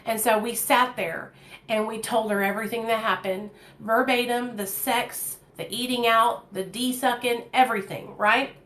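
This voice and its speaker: A woman tells a personal story in a candid, chatty way, swearing freely and leaning on fillers. Her voice sits a little high. The room adds a clear echo. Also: steady tone, moderate pace, fairly bright tone. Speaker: vlogger. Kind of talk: casual storytime. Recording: echoey room.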